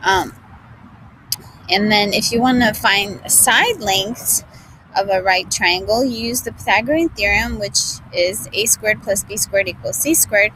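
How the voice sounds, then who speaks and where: A young woman going over her math class notes in a casual way, pausing often with fillers. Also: mid-range voice, pushed and bright, a little hiss or hum, low-quality recording. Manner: playful at first, then hesitant with many fillers. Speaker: student reviewing class notes. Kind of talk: casual study review.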